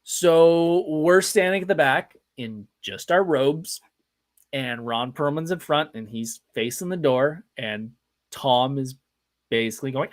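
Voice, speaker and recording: A man's voice: on the high side, lively intonation, unhurried. A man hosting a live podcast, telling casual, anecdotal stories in a chatty, self-deprecating way. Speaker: podcast host.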